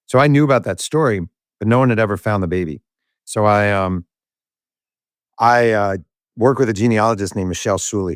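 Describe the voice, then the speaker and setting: A man with a low-sitting voice, an author appearing as a podcast guest, tells a story in a casual interview. He's an animated storyteller who acts out the voices of the people involved. The sound is clean studio audio with no echo.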